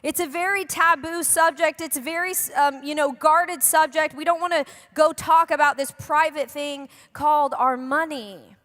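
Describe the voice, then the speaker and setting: A woman's voice: high-pitched, steady tone, moderate pace, few pauses, a bit bright. A young woman preaching a sermon in a church, chatty and joking with the congregation. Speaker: pastor. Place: church hall. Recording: long hall reverb.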